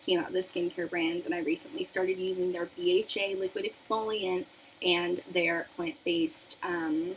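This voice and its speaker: In a low-quality recording, a young woman with a lowish voice and fairly even intonation talks at a normal pace. She's bubbly and chatty on her beauty livestream, reading out viewer messages as she does her makeup in her apartment. A noisy radiator gives off a faint hiss behind her.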